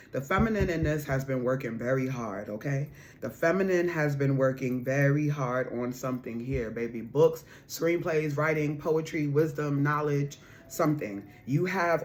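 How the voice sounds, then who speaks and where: Emphatic woman doing a card reading. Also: low-pitched. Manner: emphatic, repeats phrases, slangy endearments like boo and honey; bursts into loud laughter and raised voice when excited. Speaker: spiritual card reader. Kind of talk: casual intuitive reading to viewers.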